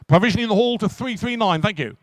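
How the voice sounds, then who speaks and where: A man working as an auctioneer at a live car auction, calling bids in quick repetitive runs. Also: sits high, no room sound. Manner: rapid repetitive bid calling.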